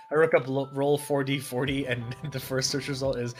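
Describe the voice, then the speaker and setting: A man's voice: medium pitch, level tone, normal speed, faint music behind. A man chatting casually as a player in a tabletop game, hesitant and laughing often.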